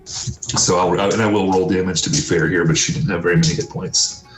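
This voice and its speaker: Brief: low-voiced game master, loose and rambling, roomy echo, faint music. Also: male voice, fairly even intonation, far from the mic. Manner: casual, halting narration with many fillers. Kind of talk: narrating a tabletop game.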